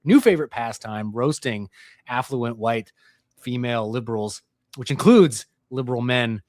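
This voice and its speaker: A man's voice: medium pitch, normal speed, dry recording, studio quality. A man hosting a live call-in political talk show, joking and mocking with a co-host. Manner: laughing, mocking, lively delivery.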